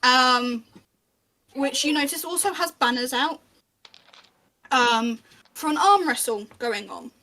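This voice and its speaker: Bright, chatty woman game master. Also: high-pitched, slow, pauses often, rough recording. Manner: chatty, lots of ums and restarts. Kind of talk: narrating a tabletop game.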